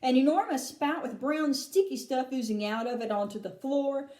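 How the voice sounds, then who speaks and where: A woman teacher reading a children's book aloud in an expressive way, with chatty asides to her listeners. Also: high voice. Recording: roomy echo.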